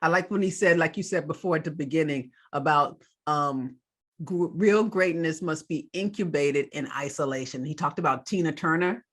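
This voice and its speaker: A woman's voice: sits low, moderate pace. Chatty woman podcast co-host. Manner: chatty, recounts details with fillers and asides. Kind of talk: casual chat recapping a sermon.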